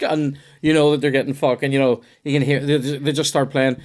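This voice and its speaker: A young man, hosting a comedy podcast and telling a story in a profane, animated way. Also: medium pitch, fairly quick. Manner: profane, animated, puts on voices in quoted dialogue.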